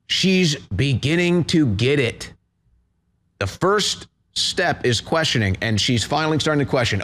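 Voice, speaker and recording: A man's voice: a little high, very animated, a little slow. A man hosting a commentary show, ranting and mocking as his voice rises in heated bursts. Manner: ranting, mocking, rising to shouts. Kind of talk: political commentary rant.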